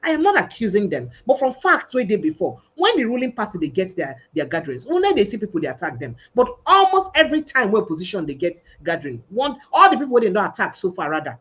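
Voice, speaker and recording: A woman's voice: medium pitch, wildly swooping pitch, fast, hardly any pauses, fairly bright tone, breathy edge, lo-fi sound. A Nigerian woman hosting a podcast livestream, talking emphatically and mixing Pidgin with English. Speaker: podcast host. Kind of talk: casual livestream discussion.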